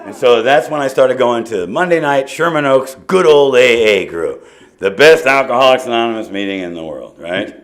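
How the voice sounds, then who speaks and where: A man sharing his recovery story from a podium, swinging from low, quiet asides up to loud bursts. He tells it with jokes and acts out other people's lines. His pitch sits in an ordinary middle range. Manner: animated storytelling with laughs and quoted dialogue. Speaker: AA meeting speaker.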